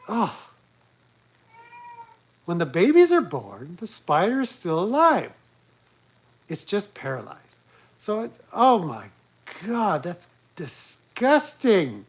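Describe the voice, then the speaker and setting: A man's voice: high-pitched, husky, full character voice, poor audio. A man putting on a campy wildlife-video narrator who gasps and shrieks in theatrical disgust.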